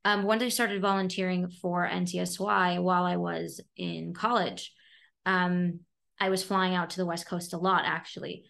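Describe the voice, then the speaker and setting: A woman in her thirties from Brooklyn, a podcast guest telling lively stories and putting on voices. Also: lowish voice, normal speed, creaky. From Brooklyn, New York. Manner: lively storyteller, does voices and laughs. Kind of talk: casual interview chat.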